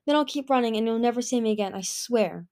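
A woman's voice: a little high, quick pace, darkish tone, close to an everyday voice. Woman doing a frantic, tearful young dragon girl. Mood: pleading. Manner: pleading, tearful. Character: desperate young female sand dragon on the run.

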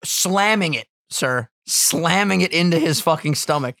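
A man co-hosting a casual podcast, excitable and giggly, swearing a lot, on a close mic. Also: a little high, a little slow, vocal fry, dry recording. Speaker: podcast co-host.

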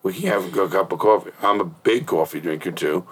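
A man's voice: low-pitched, fairly quick, fairly bright tone, husky. A middle-aged man hosting a podcast, telling blunt, profane stories in casual interview chat. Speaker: podcast host.

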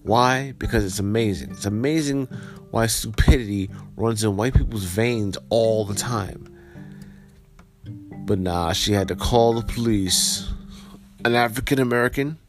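A man's voice: fairly low pitch, unhurried, faint music behind. A man hosting a podcast. He reads a news story aloud and then gives blunt, profane commentary. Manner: blunt and profane, heated when ranting. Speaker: podcast host.

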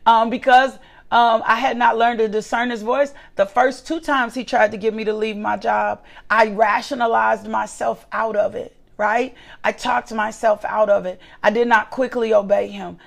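Woman preacher, sermon delivery, gravelly fry, slightly high pitch, emphatic repetition. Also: fairly even intonation, moderate pace. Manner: emphatic, repeats key phrases, asks "right?" often.

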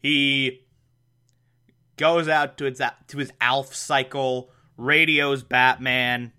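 A man's voice: medium pitch, level tone, slow pace, bright, forceful tone, clear, resonant tone. A man hosting a podcast, recapping an episode in a casual, chatty way, laughing often and adding mocking asides. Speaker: podcast host.

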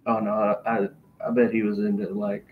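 A man making slow, crude jokes on a casual podcast. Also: on the low side, little pitch movement. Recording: dull mic with faint room noise.

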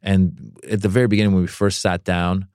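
A man, a comedian, telling a long story in a casual interview. He talks in an animated way and acts out other people's voices with big jumps in pitch. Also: a little fast, clear, resonant tone, dry recording, clean studio sound. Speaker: comedian guest.

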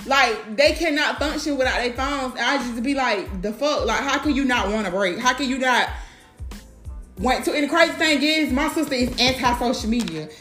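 A woman speaks in a blunt, profane, animated monologue, her voice sitting a little high. The sound is roomy, with light echo around her and faint music underneath. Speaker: mother talking to camera. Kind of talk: casual monologue.

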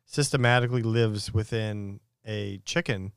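Smooth-voiced laid-back man. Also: fairly low pitch, unhurried, no room sound, studio quality. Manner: laid-back, joking, laughs easily. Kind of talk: casual chat.

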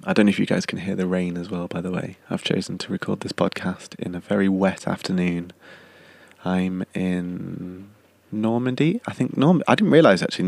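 A man's voice: low-pitched, vocal fry, darkish tone, no room sound. A young man with a slight cough, hosting a podcast in a rambling, chatty way. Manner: rambling, self-correcting, chatty. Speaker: podcast host and singer-songwriter. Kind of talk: casual chatty monologue.

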